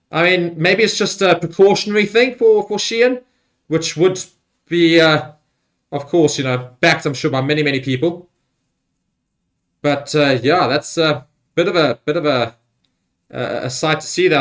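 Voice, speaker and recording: A man hosting a live rugby watchalong, talking loosely with many fillers and getting excited on big plays. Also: on the high side. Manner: rambling with fillers and restarts. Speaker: livestream host. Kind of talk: live match watchalong commentary.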